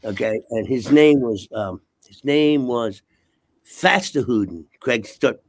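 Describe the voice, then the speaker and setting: A man's voice: medium pitch, lively intonation, slow pace. An older man, a guest, telling rambling, profane stories in casual talk and punctuating them with "okay?". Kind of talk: casual storytelling.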